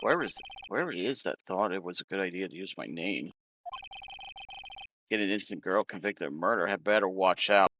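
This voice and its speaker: A man reading aloud as an earnest young male defense lawyer in a visual novel game, in a lively plain delivery. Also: sits low, fairly quick, a little hiss or hum, voice pushed down. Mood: serious.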